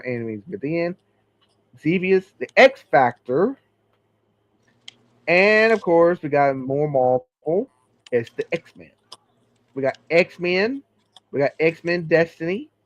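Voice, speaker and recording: A man hosting a casual chat who reads through a list of games, slowly and with many fillers. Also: a little high, no room sound, highs cut off. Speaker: podcast host.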